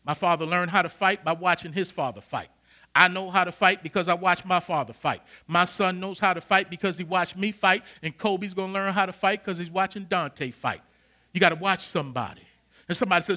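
A middle-aged pastor preaches to his church in a high, piercingly bright voice. He builds to loud, emphatic bursts and calls out to the people in the pews. His tone stays ringing and sharp even when he drops to a quieter passage. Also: fairly quick. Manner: preaching with rising emphatic bursts and call-outs to the congregation. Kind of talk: sermon.

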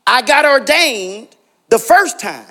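A middle-aged man preaching a sermon, telling personal stories, calling out congregation members by name and building to shouted exhortations. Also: extremely high pitch, big pitch swings, slow.

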